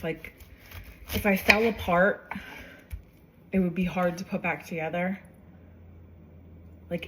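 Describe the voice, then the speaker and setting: A woman's voice: on the low side, background noise. Young woman rambling through a personal story. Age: young adult. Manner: rambling, self-correcting, many fillers. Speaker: vlogger. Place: home kitchen while cooking.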